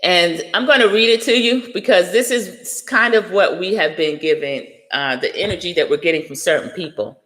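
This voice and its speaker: A woman's voice: lowish voice, normal speed, hardly any pauses, a bit bright, in a large hall. A middle-aged woman hosting a casual livestream, chatting and greeting viewers by name. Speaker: livestream host.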